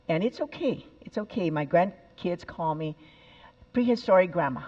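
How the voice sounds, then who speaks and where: A woman's voice: on the low side, moderate pace, lo-fi sound. Older woman telling stories on stage. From El Paso, Texas. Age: 70s. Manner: lively, repeats phrases for emphasis. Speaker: speaker giving a talk. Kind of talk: storytelling talk.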